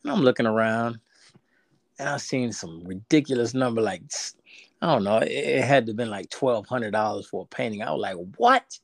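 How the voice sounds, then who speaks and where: A man's voice: mid-range voice, fairly quick, creaky, dry recording, clean studio sound. A man, chatting on a podcast and telling a rambling story with many restarts. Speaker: podcast co-host. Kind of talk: casual podcast chat.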